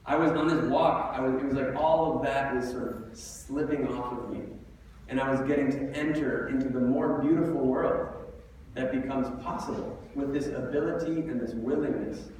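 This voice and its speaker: A man's voice: medium pitch, moderate pace, a little mellow, a little hiss or hum. Earnest young man in an echoing hall. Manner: earnest, reflective. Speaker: guest speaker. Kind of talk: school assembly talk. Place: school auditorium. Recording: echoey hall from far off.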